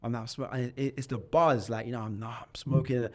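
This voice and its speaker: Speaking briskly in a mid-range voice, a man from London in his twenties shares his life story as a podcast guest. He's lively and leans on slang, with plenty of restarts and repeated words.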